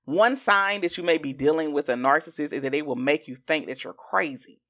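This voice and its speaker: A woman hosting a podcast in casual chat, animated and acting out what other people say. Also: a little fast. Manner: animated, acts out quoted speech in jumps of pitch. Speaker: podcast host.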